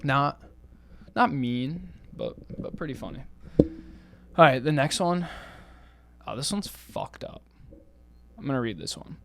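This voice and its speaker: A man's voice: medium pitch, expressive, slow, vocal fry, pauses often, a bit bright, slight background noise. A young man hosting his own show, reading comments aloud in casual chat and getting heated, swearing bluntly. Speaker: podcast host.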